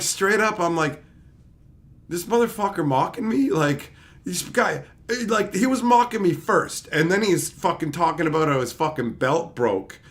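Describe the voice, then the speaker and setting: A man with a slightly higher voice tells a rambling story, casual and full of swearing. He sounds tired from lack of sleep but stays animated, breaking into laughing asides. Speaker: channel host.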